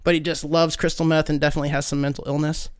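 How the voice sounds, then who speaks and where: A man's voice: a little high, little pitch movement, very fast, smooth, dry recording, studio quality. A young man telling a funny story as a podcast guest, laid-back, laughing and swearing casually.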